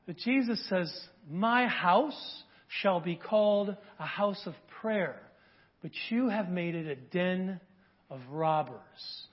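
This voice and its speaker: A man's voice: sits high, animated, slow, husky. A man preaching a sermon in church, talking conversationally and asking the congregation questions. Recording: dull lo-fi audio.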